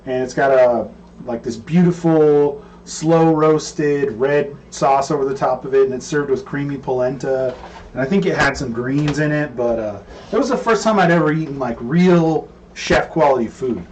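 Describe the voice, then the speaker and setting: A man and cook, co-hosting and telling a story in a relaxed, rambling way with plenty of fillers. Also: medium pitch, moderate pace, slight background noise. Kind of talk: casual storytelling. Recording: distant mic with faint room ambience.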